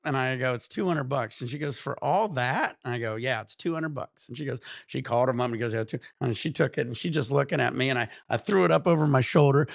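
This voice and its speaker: A man in his thirties hosts a laid-back stream, rambling through stories with plenty of swearing and laughter. His mid-pitched voice has a gravelly edge. The sound is close and dry, with almost no room around it. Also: dry recording. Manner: rambling, profane storytelling with frequent laughs. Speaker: cannabis stream host. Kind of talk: casual livestream chat.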